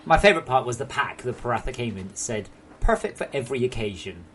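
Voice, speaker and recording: A man's voice: mid-range voice, big pitch swings, fast, a bit bright. A young English man chatting casually while streaming a game at home, joking and swearing freely. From England. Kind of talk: casual live-stream chat.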